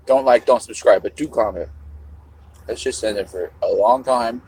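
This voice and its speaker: A man's voice: mid-range voice, normal speed, darkish tone, husky, rough recording. A middle-aged man vlogging in a casual livestream monologue, rambling and musing with a half-joking tone.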